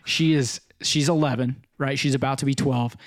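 A man in his thirties co-hosting a casual podcast, telling animated stories and acting out quotes. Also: mid-range voice, normal speed, no echo, studio quality. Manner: animated storyteller, acts out quotes, laughs often. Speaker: podcast co-host, father.

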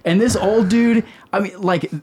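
A middle-aged man hosting a podcast, telling a story in a casual chat with lots of cursing and emphatic, animated delivery. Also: high-pitched, unhurried, slight background noise. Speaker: podcast host.

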